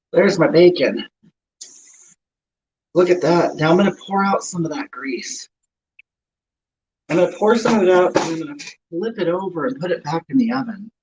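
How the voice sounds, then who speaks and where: A man's voice: on the high side, husky, no room sound, full character voice, poor audio. A man playing a crude, self-mocking obese middle-aged woman who rambles, stammers and answers chat comments on a comedy livestream. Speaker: livestream comedy character host. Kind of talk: improvised livestream character comedy.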